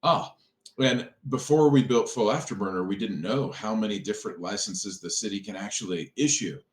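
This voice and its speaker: A man who owns a restaurant, a podcast guest telling stories in a casual, animated way and acting out the people he quotes. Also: on the low side, fairly quick. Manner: animated, acts out quoted dialogue. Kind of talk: casual storytelling conversation. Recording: echoey room.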